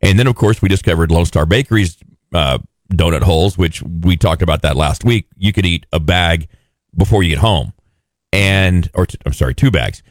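A man's voice: low-pitched, moderate pace, no room sound, studio quality. A man co-hosting a casual chat show, joking and tossing in wry asides. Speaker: radio show co-host.

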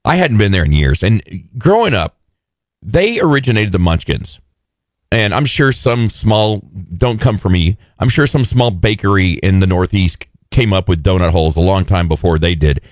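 Lower-voiced joking male co-host, dry sound. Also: lively intonation, normal speed, no room sound. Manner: joking, wry asides. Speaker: radio show co-host. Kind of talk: casual chat.

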